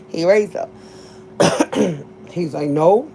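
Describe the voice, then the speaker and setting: A vlogger in her forties tells her viewers a casual story, blunt and profane and laughing often. Her mid-range, mellow voice has lively intonation at a normal speed, with a little hiss or hum.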